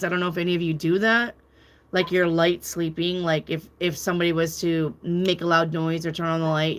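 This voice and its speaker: Woman, tarot reader, casual live-stream chat, lowish voice, rambling, candid, swears. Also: fairly bright tone, slight background noise. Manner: rambling, candid, swears freely, reads viewer comments aloud. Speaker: tarot reader and channel host.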